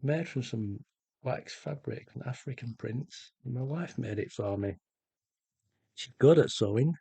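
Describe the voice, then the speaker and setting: A middle-aged man chatting casually while he paints, slow and rambling with many pauses. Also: mid-range voice, lively intonation, creaky, dark tone, husky, no echo. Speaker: art vlogger.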